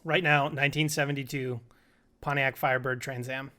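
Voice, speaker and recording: A young man co-hosting a casual chat show, firing off playful quick questions at his friend and laughing along. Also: mid-range voice, flat delivery, bright, forceful tone. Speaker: podcast co-host.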